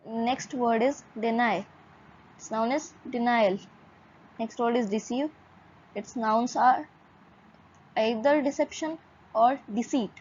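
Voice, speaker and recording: A woman teaching English vocabulary in a measured lesson, listing words one by one and spelling some out letter by letter. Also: fairly high pitch, a little mellow, husky, dull audio.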